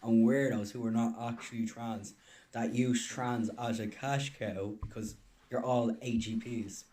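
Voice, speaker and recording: A man's voice: mid-range voice, fairly even intonation, measured pace, warm tone. A man ranting bluntly and angrily in a video clip, swearing as he goes.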